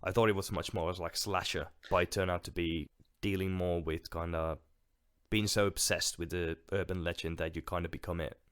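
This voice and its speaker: Low-voiced man, hesitant and dry. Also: fairly even intonation, fairly quick, a bit bright, smooth, no echo. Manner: hesitant, many fillers and restarts. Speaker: podcast co-host. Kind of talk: casual film discussion.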